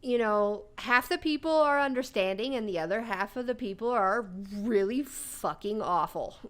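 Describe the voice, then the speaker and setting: A young woman co-hosting a podcast, telling stories in casual chat, swearing freely and breaking into loud laughter between lines. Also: on the high side, expressive, measured pace, hardly any pauses. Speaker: podcast co-host.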